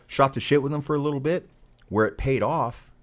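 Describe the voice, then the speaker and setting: A man's voice: mid-range voice, fairly quick. A middle-aged man telling a casual, profane military anecdote as a podcast guest. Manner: profane, animated anecdote teller. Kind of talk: casual storytelling.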